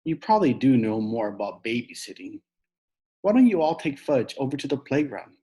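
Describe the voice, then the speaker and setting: Man doing a hurried, anxious mom. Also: mid-range voice, sing-song, husky. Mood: pleading. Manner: gentle, hurried pleading. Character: anxious caring mother of two boys. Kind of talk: audiobook reading aloud.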